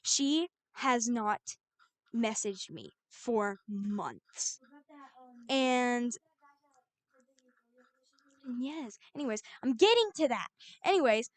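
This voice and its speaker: A young woman artist recounts her stories in a lively, exasperated way. Her voice sits high. The recording is close and dry. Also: dry recording. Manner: animated, exasperated storytelling. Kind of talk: storytime vlog.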